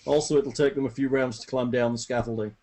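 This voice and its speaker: A man running a tabletop game as game master, narrating events in a brisk, matter-of-fact way over online voice chat. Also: medium pitch, fairly even intonation, a little mellow.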